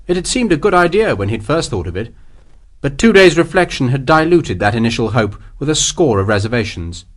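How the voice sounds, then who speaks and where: Guy reading an audiobook, lively up-and-down voice, measured storytelling. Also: medium pitch. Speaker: audiobook narrator. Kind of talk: scripted narration.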